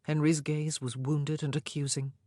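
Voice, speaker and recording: A woman narrating a historical novel in a measured, expressive storytelling voice. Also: low-pitched, no echo, clean studio sound. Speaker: audiobook narrator.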